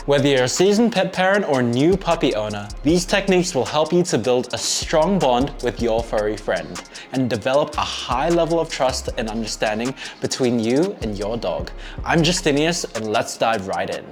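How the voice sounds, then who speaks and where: A man narrating a scripted dog-training lesson in a clear, friendly teaching tone. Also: mid-range voice.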